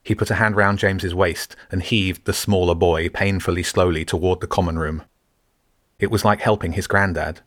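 A man reading a story aloud in steady, measured scripted narration. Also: sits low, no echo, studio quality. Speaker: audiobook narrator.

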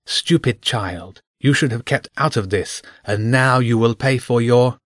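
A cruel woman ringmaster from a storybook sneers and spits her words with haughty contempt, as a man puts her on. The voice is pitched up and pushed louder than a plain telling, and the sound is dry and close. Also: measured pace, dry recording, lightly acted. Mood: scornful. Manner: haughty, spitting contempt, loud.

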